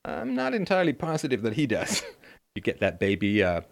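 A man's voice: fairly low pitch, huge pitch swings, a little fast, gravelly. A middle-aged man hosting a show, reading news stories aloud and cutting in with mocking, jokey asides and laughter. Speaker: podcast host. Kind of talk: sarcastic news commentary.

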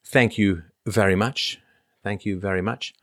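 A middle-aged man from Canada speaks unhurriedly in a fairly low voice with fairly even intonation and a slightly bright tone. He's hosting a casual livestream, reading comments and super chats aloud and answering questions with lots of ums and uhs. The studio-quality recording is dry.

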